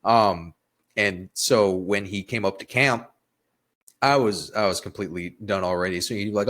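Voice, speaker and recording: A young man telling stories in a casual podcast chat, swearing freely and animated. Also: low voice, moderate pace. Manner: profane, animated storytelling. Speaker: podcast guest, Marine veteran.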